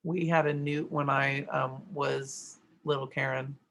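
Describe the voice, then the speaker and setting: Gravelly bright-voiced woman teaching grammar. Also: very deep voice, flat delivery, unhurried. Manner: explains step by step, checks in with "right?". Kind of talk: grammar worksheet lesson.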